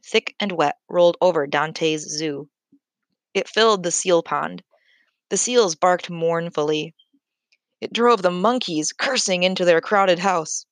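A woman narrating a children's book in a measured, clear storytelling manner. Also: lowish voice, no room sound. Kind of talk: scripted audiobook narration.

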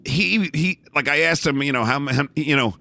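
A middle-aged man as an interview guest, telling candid stories in a blunt, animated way, often restarting and repeating words. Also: a little high, normal speed, creaky. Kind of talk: candid storytelling in a conversation.

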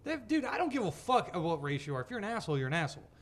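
Man, casual chat, profane, animated, laughs often, high voice. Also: very fast.

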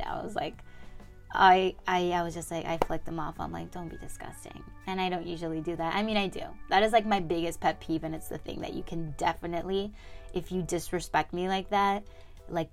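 Young female podcast host, casual upbeat rambling, lowish voice, soft music bed. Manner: chatty, upbeat, lots of fillers. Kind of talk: casual solo podcast chat.

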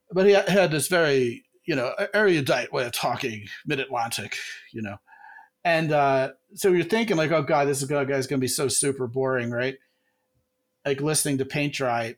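A man hosting a podcast in casual chat, telling animated stories and acting out quotes in a raised voice. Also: fairly high pitch.

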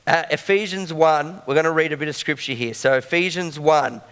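A man's voice: a little high, brisk, fairly bright tone, clear, resonant tone. Man preaching in a reverberant hall. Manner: conversational, checks in with the congregation. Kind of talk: sermon.

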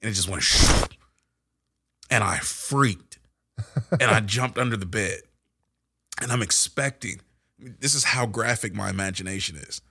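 A man co-hosting a faith-based podcast, an animated storyteller who gets loud and high when excited. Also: normal speed, breathy edge, no room sound, studio quality. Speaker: podcast co-host. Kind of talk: casual faith-based discussion.

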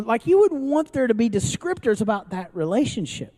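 Speaking a little fast with few pauses, a pastor with a dark, mid-range voice delivers a very animated sermon. The church service has a live congregation and is streamed online, and his style is casual and joking, full of restarted sentences and questions to the crowd.

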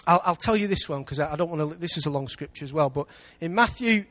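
A man with an English accent preaching a sermon in church, lively, with big swings between loud and quiet. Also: a little high, quick pace. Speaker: pastor.

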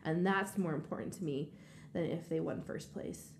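A woman's voice: deep voice, moderate pace, a little mellow, echoey room, a little hiss or hum. A woman figure skating coach talking in a heartfelt, reflective way during a casual interview. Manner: heartfelt, reflective, laughs often.

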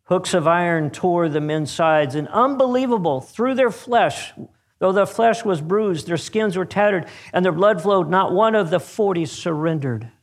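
A man narrating a story aloud in a measured, dramatic reading. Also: on the high side.

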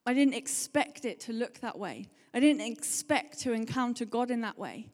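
A woman preaches in a lively, conversational way, telling everyday stories in quick bursts. Her voice sits fairly high. A long reverb hangs behind her, as in a church hall. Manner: chatty, animated storytelling, fast bursts. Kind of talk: sermon.

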